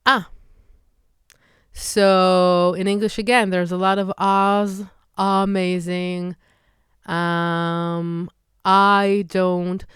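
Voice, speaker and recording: Slow, clear-voiced Israeli woman teacher. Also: fairly low pitch, flat delivery, no room sound, clean studio sound. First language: Hebrew. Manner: slow, demonstrative, drawn-out vowel drills. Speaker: Hebrew teacher. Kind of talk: pronunciation lesson.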